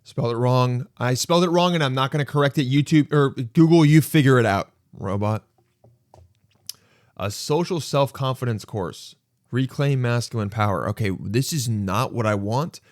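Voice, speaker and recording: A young man rambles through a solo podcast in a dry, close recording with no room sound. His pitch sits in the middle for a man. He mocks himself and slips into voices for imagined conversations. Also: moderate pace, dry recording. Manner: rambling, self-mocking, acts out imagined dialogue. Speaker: podcast host.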